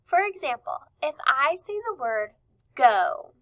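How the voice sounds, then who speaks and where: A woman teacher leading a recorded reading lesson, sounding out words slowly and clearly in an encouraging, upbeat tone. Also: sits high, sing-song, rough recording.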